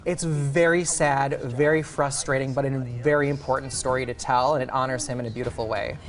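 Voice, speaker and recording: A man's voice: medium pitch, fairly even intonation, fairly quick. A man, a film critic, chatting enthusiastically through movie reviews on a TV segment.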